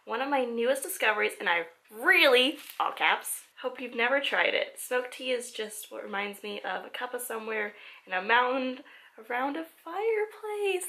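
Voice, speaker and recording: A woman chatting casually as she unboxes a package at a table, excitable and giggly, talking to the items as she finds them. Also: fairly high pitch. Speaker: vlogger. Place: indoors at a table.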